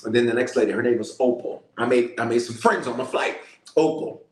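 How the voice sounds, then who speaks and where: A male bishop preaching in a lively storytelling way and calling out to his listeners. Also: medium pitch, brisk, roomy sound. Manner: storytelling, animated, calls out to listeners. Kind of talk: sermon-style prayer message.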